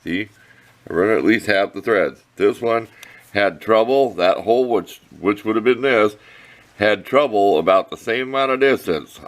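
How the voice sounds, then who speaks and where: A man's voice: on the low side, a bit bright. A man giving a rambling, folksy engine repair demonstration in his workshop, often correcting himself. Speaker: small engine repair vlogger. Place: workshop shed.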